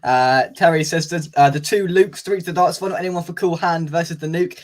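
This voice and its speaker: A man's voice: fairly high pitch, fairly even intonation, brisk. A man hosting a casual fan live stream, chatting, reading out viewer comments and laughing easily. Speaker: fan channel host.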